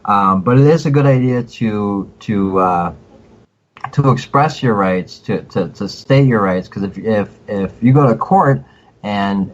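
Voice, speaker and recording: A man giving advice as a podcast guest in casual talk, halting and repeating words as he restarts his sentences. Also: lowish voice. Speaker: podcast guest, cop watcher. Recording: dull lo-fi audio with faint noise.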